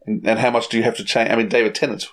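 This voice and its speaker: A man's voice: on the low side, little pitch movement, racing, fairly bright tone. A man hosting a podcast, putting thoughtful questions to a guest. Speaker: podcast host. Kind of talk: interview questions.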